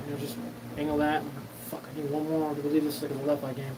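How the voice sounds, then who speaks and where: A man's voice: fairly high pitch, monotone, fast, background noise. A man hosting his own show, talking in a profane, meandering solo monologue and acting out quoted dialogue. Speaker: show host.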